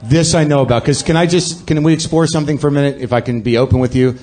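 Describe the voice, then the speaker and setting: A man's voice: mid-range voice, steady tone, quick pace, darkish tone. A man hosting a podcast, delivering a sardonic, self-deprecating comic monologue in a ranting manner to a live audience. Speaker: podcast host.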